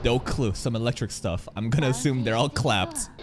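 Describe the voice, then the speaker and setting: A man hosting a live anime reaction, heated and profane, yelling at the screen. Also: mid-range voice, normal speed. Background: anime episode audio with music.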